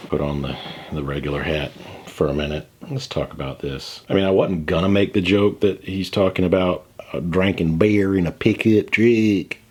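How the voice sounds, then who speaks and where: A man's voice: deep voice, steady tone, normal speed, darkish tone, breathy edge. A man in his forties hosting a music reaction video, talking casually with wry, sarcastic asides. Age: 40s.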